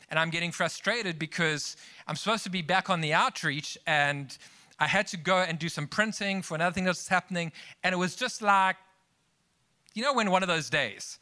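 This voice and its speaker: Preaching in a bright, forceful, rather high voice, this pastor delivers an emphatic sermon with rising exclamations. He blends scripture with personal storytelling aimed at the congregation.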